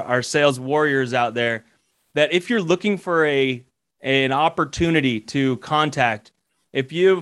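A man's voice: mid-range voice, fairly bright tone. A man who works as a commercial real estate broker and mentor, giving sales advice in a rambling way with many restarts. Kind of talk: casual podcast advice.

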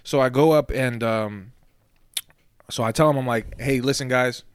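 A young man co-hosting a podcast, telling stories in relaxed casual chat, swearing often and repeating himself. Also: medium pitch, measured pace, clear, resonant tone, no echo. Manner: laid-back storytelling, swearing, repeats "you feel me". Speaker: podcast co-host.

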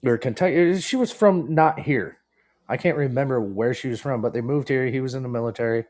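A man's voice: mid-range voice, brisk, darkish tone. A man co-hosting a podcast, telling anecdotes in casual chat, swearing and acting out the dialogue. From not the Southern US. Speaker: podcast co-host. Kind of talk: casual storytelling.

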